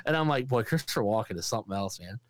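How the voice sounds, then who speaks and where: A podcast co-host chats casually and tells stories, laughing often and swearing along the way. He has a lowish voice with lively intonation and talks very fast.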